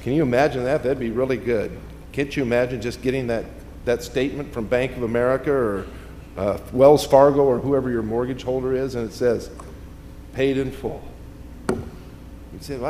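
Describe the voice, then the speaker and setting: A man preaching a sermon, his delivery rising to loud, emphatic peaks and dropping to quiet, hushed asides. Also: mid-range voice. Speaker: pastor. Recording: long reverb, faint ambient noise.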